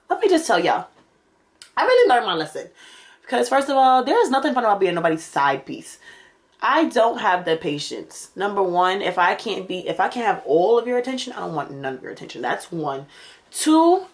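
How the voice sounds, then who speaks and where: A young adult woman vlogger telling a storytime, animated and slangy, jumping between loud exclamations and quiet asides. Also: medium pitch. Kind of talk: casual storytime monologue.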